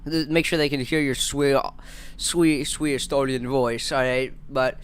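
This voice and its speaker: A man's voice: mid-range voice, steady tone, a little slow, clear, resonant tone. A man in his twenties hosting a live stream, rambling and stammering through casual jokes. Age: 20s. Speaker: livestream host.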